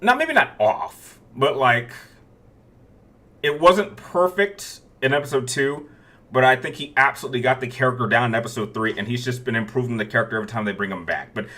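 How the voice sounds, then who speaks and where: A man in his thirties hosts a relaxed Q&A, answering viewer questions one after another. His voice is bright and forward, and he often restarts his sentences as he thinks aloud. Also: medium pitch, fairly quick. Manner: rambling, many restarts, chuckles between answers. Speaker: YouTube Q&A host.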